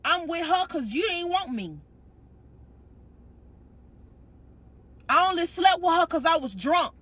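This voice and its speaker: A woman's voice: extremely high pitch, lively intonation, moderate pace, a bit bright, no echo, pitched above the performer's own voice. A woman putting on a sulky, resentful ex-husband. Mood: pleading. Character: resentful, crude ex-husband, adult man.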